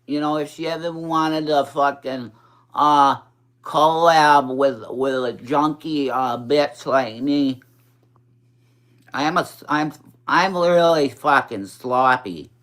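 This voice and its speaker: On a relaxed livestream, a New York-accented drag performer in their forties rambles candidly and with plenty of profanity. The medium-pitched, fairly bright voice carries a mild speech impediment and at times drifts into a childlike, baby-girl lilt, all at a slow, unhurried pace.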